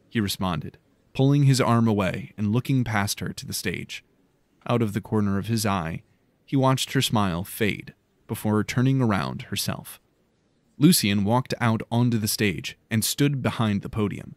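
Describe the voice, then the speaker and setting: Calm guy narrating an audiobook, lowish voice, steady and measured. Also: dry recording.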